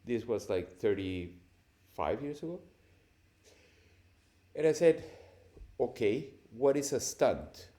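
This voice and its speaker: A man, a cinematographer guest on a podcast, telling lively anecdotes with frequent laughter. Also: medium pitch, slow, pauses often. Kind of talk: storytelling interview answers.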